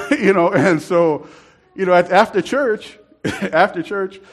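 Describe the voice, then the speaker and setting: A man's voice: high-pitched, takes it slowly, slightly rough. A man telling a rambling church story in a casual, laughing way. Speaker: church member telling a testimony.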